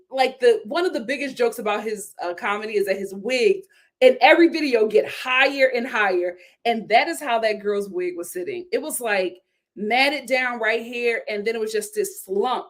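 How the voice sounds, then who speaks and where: High-voiced sassy woman vlogger. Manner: animated, sassy, laughs often. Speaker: vlog host reviewing a reality show. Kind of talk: casual review commentary.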